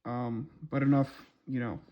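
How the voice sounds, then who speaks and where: A man talks through a new comic for his viewers in an easygoing, chatty way. His pitch sits in the middle of the range, and he drops a casual curse now and then. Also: normal speed, dull audio. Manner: relaxed, chatty, swears casually. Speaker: comic book reviewer. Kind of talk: casual comic recap vlog.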